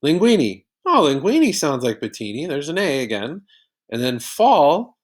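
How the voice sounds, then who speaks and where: A man's voice: on the high side, huge pitch swings, normal speed. A man teaching a recorded poetry lesson, patiently explaining step by step with examples.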